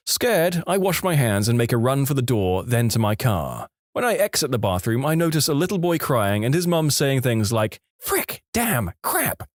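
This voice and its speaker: A man reads online stories aloud in a scripted storytelling manner. His pitch swings widely and keeps the delivery animated. The recording is dry and close, with no room sound. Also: no echo. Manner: lively storytelling read. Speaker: narrator.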